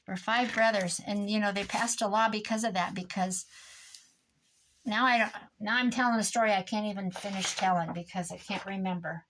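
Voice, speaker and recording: A woman's voice: mid-range voice, fairly even intonation, a little fast, fairly bright tone, a little hiss or hum, rough recording. An older woman from Iowa, chatting casually in a rambling, storytelling way while she works on a craft project. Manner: rambling, chatty, trails off into stories. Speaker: crafting vlogger.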